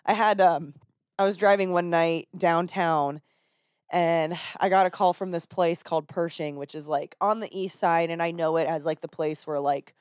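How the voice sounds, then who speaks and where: A woman telling a story in a casual podcast chat, animated and swearing casually, slipping into other people's voices with a higher pitch. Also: normal speed, clear, resonant tone, dry recording, clean studio sound. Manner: animated, acts out people in her stories with raised pitch. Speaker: podcast talker and rideshare driver. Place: podcast studio.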